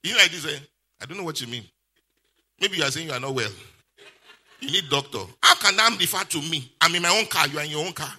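A male pastor, preaching a sermon with lively call-and-response questions. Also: on the high side, quick pace, pauses often, breathy edge.

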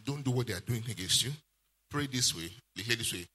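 A male pastor, preaching a sermon with lively call-and-response questions. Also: medium pitch, fairly quick, slightly rough.

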